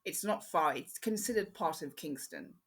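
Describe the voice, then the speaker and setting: A woman born in Jamaica, speaking with an English accent, hosting her own podcast in a chatty, rambling way with frequent pauses. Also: low-pitched, expressive, a bit bright, breathy edge. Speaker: podcast host. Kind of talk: casual solo podcast chat.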